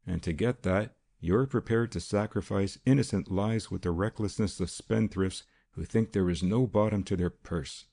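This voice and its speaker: A man voicing a calm, stern vigilante who speaks quietly and with total confidence. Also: lowish voice, normal speed, creaky, hardly any pauses.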